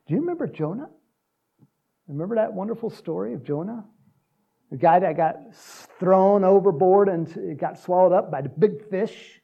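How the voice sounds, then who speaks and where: Pastor, male, husky and gravelly, very lively pitch, casual animated preaching. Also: unhurried. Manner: animated, acts out quotes with big pitch jumps and laughs. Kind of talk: sermon.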